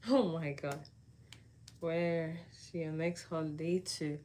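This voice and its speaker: Slow-talking, low-voiced woman livestreaming. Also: fairly even intonation, warm tone, a little hiss or hum. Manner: chatty, answers viewer comments, laughs often. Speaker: livestream host. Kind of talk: casual livestream chat with viewers.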